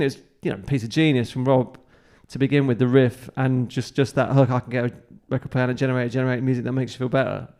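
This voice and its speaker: A man's voice: medium pitch, darkish tone, smooth. A middle-aged male musician chatting as a podcast guest, telling stories with many restarts. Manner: rambling storyteller with many restarts. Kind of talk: casual conversational interview.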